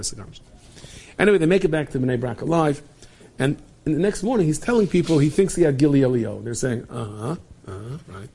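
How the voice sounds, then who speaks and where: A man's voice: medium pitch, gravelly, darkish tone, husky. A man telling an inspirational story to listeners, acting out the characters as he goes.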